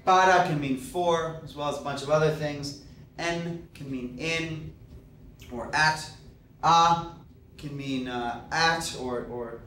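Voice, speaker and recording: In a recorded classroom lecture, a man whose voice is on the high side and fairly bright walks through Spanish grammar step by step, using patient fillers. The room echoes, he is distant from the mic, and there is a faint hiss.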